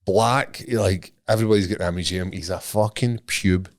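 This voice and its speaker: A Scottish man in his thirties, co-hosting a podcast and telling a sweary, animated story in casual chat. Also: deep voice, fairly quick, dry recording, clean studio sound. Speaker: podcast co-host.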